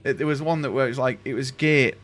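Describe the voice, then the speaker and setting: A man's voice: mid-range voice, fast talker, a bit bright. Laid-back streamer man. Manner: laid-back banter, addresses viewers, swears freely. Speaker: streamer, host. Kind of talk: casual chat on a live stream.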